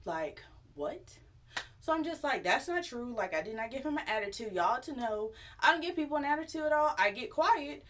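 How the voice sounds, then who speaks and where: A woman's voice: high-pitched, brisk, few pauses. Sassy, chatty young woman telling a story. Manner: chatty, animated, sassy retelling with acted quotes. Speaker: YouTube storyteller. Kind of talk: casual storytime vlog.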